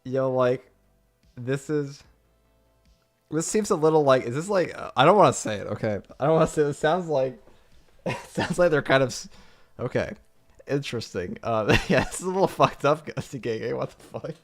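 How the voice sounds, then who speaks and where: A young streamer with a gravelly, fry-heavy voice, reacting in loose, casual talk. He swears freely, laughs through his lines and keeps restarting his sentences in slangy disbelief. Faint music plays underneath him. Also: mid-range voice, lively intonation, moderate pace. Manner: incredulous, laughs often, swears a lot.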